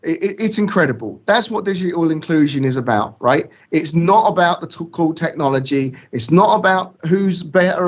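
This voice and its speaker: A man gives a fired-up motivational speech and drives his points home by repeating them in slangy, emphatic bursts. His voice sits fairly high for a man. The audio comes through a dull, lo-fi video call. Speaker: guest speaker. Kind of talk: impassioned motivational talk.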